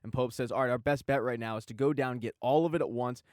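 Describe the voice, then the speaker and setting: A man's voice: mid-range voice, fairly even intonation, fast, a little mellow, dry recording, clean studio sound. A man narrating a television recap in a casual, jokey, irreverent way. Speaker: TV recap host.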